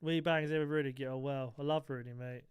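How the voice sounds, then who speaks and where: A man's voice: mid-range voice, steady tone, fast, clean tone, dry recording. A man live-streaming a football video game, chatting casually and joking with his viewers. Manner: banters with chat, jokey, self-described moaner.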